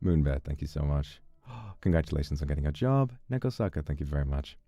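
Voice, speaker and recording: A man streaming and chatting casually with his viewers as he reads out donations. He is playful, animated and swears freely, speaking close to the microphone. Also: very deep voice, fairly quick, dry recording, dull audio, soft background music.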